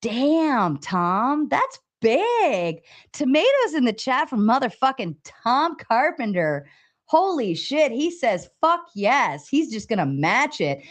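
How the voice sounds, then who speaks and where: Woman livestream host, excitable and foul-mouthed, reads chat aloud with big pitch jumps. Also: takes it slowly. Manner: excited, swears freely, pitch jumps when reading chat. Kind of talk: casual livestream talk, reading chat aloud.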